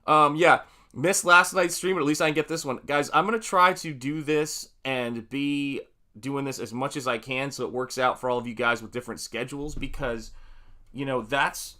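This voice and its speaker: A man's voice: mid-range voice, pushed and bright. A man hosting a casual live stream from his home art studio while painting, greeting viewers by name and rambling loosely with plenty of fillers. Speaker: livestream host and painter.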